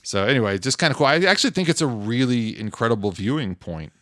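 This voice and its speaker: A middle-aged man hosting a podcast, talking in a relaxed, halting way with many pauses and restarts. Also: mid-range voice, dry recording, studio quality. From Idaho. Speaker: podcast host. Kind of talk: casual podcast chat.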